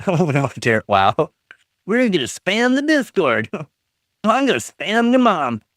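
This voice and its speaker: Teasing man with a lively voice. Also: sits high, slow pace, no room sound, studio quality. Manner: animated, teasing, jokey banter with chat; reads chat messages aloud and reacts. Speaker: live streamer. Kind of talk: casual live-stream chat.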